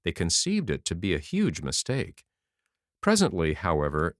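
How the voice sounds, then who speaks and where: A man narrating a classic novel as an audiobook in a dramatic, expressive reading. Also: lowish voice, no echo, studio quality.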